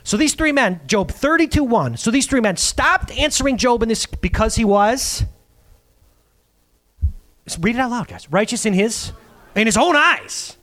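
A man preaching in a casual, conversational way, his voice sitting high and leaping up and down with emphasis. He acts out the quotes he reads. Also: lively intonation, measured pace, a bit bright. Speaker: pastor. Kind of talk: sermon.

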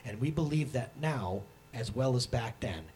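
A man in his thirties preaching a sermon as pastor, animated and acting out the voices he quotes. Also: mid-range voice, normal speed, faint music behind.

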